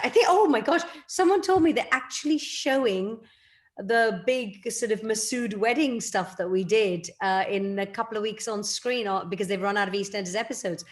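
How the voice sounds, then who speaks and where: A middle-aged woman from England, an actress chatting as a guest in a casual interview and laughing often. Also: medium pitch.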